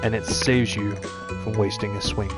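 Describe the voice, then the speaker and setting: Over game music, a man with a lowish voice speaks at a moderate pace with fairly even intonation. He's a let's play streamer giving casual gameplay commentary, chatting with viewers and explaining tips.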